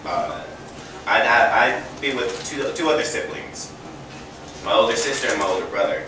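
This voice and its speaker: A man's voice: mid-range voice, normal speed. A young man telling a rambling stand-up story, laughing at his own jokes and often saying um, recorded from a distance in a very echoey room. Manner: self-deprecating, laughs at his own jokes, many ums. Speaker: amateur stand-up comedian. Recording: distant mic, very echoey room, faint ambient noise.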